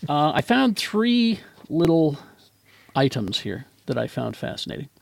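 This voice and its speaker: A man's voice: fairly high pitch, sing-song, measured pace, creaky, a little hiss or hum. A man hosting a casual pop-culture chat show, talking in a rambling, chatty way with plenty of fillers. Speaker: podcast host.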